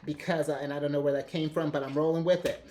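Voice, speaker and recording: A man giving a casual tarot reading, excitable and rambling, often restarting his sentences and laughing. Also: on the high side, fast, slight background noise. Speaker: tarot reader.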